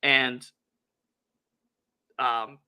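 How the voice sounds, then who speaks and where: A man's voice: mid-range voice, little pitch movement, very slow, pushed and bright, smooth. A man hosting a sports podcast as the team reporter, talking energetically and emphatically, promoting his coverage. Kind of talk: casual sports podcast chat.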